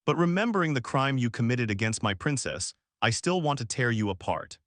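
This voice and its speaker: A man voicing a stern, powerful older male duke who speaks in a light but cold, unhurried tone, recorded dry. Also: medium pitch, very animated, a bit bright, no room sound.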